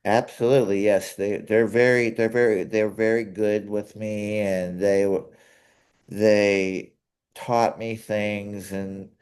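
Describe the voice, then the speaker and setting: A young man co-hosting a casual chat, earnest and halting, often restarting his sentences. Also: lowish voice, level tone, a little mellow, smooth. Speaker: co-host.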